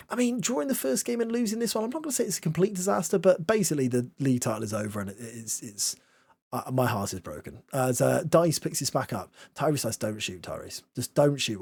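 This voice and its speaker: A gaming YouTuber gives playful, self-mocking commentary on a football management game, flipping between mock-commentator play-by-play and wry asides. His voice is a little high and a little mellow, with no room sound.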